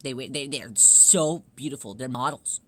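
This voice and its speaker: A woman livestreamer chatting casually with her viewers, excitable and gushing as she greets people in chat. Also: very deep voice, normal speed.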